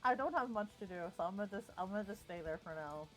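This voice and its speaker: A woman playing a tabletop game, speaking in a hesitant, relaxed way. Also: medium pitch, fast, soft background music, low-quality recording. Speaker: player.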